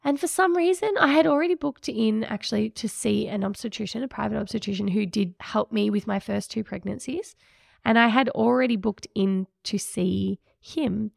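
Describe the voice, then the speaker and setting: A woman's voice: medium pitch, moderate pace, creaky, no room sound, studio quality. A woman hosting a podcast, candidly and emotionally recounting a personal experience in a reflective way. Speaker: podcast host.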